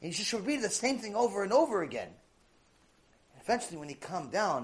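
A man's voice: high-pitched, expressive, fairly quick, slight background noise. A man giving a Torah lecture, telling stories animatedly and repeating key phrases for emphasis. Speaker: Torah teacher.

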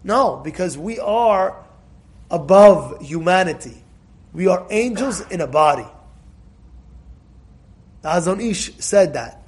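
High-voiced man teaching a Torah class. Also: lively intonation, slow pace, long pauses. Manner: emphatic, repeats himself, bursts into loud cries for emphasis.

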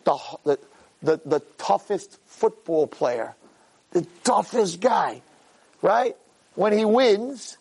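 Animated middle-aged man giving a sermon. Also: takes it slowly, vocal fry, slight background noise, low-quality recording. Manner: animated, swings from low asides to high shouted quotes; uses Yiddish and Hebrew terms, repeats phrases for emphasis. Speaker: rabbi lecturer. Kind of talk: Jewish ethics talk to a live audience.

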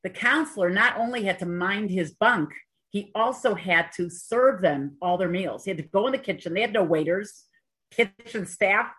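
A Torah teacher, a woman, gives an earnest talk full of stories, sprinkling in Hebrew and Yiddish terms and chatty asides. Her mid-range voice is a bit bright and slightly rough, and she moves at a moderate pace.

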